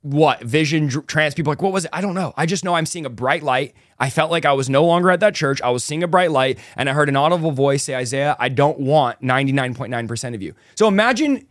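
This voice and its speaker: A young man excitedly telling a personal conversion story as a podcast guest. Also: fairly high pitch, dry recording, studio quality. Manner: fast, excitable, animated retelling. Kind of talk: testimony storytelling.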